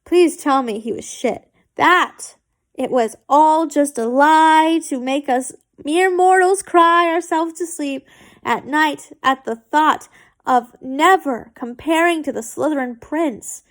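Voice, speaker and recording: A woman's voice: high voice, slow. A woman voicing a teasing young wizard who mocks his friend, in an amateur fan fiction reading. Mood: mocking. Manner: mocking, theatrical.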